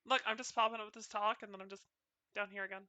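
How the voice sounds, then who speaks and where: Bright, chatty Southern woman streamer. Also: medium pitch, steady tone, quick pace, no echo. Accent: North Carolina. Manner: chatty and playful, stumbling over words. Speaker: VTuber streamer. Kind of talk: casual stream chat.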